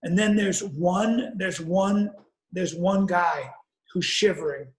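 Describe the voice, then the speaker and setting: A man's voice: high voice, slow, roomy sound, rough recording. A man telling a rambling, profane comic story on a podcast, with frequent restarts. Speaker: podcast guest or co-host.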